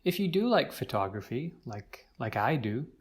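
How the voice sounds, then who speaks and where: A man teaching an English vocabulary lesson, speaking clearly and drawing out words to show their pronunciation. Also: medium pitch, sing-song. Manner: slow, clear, stretches words to model pronunciation.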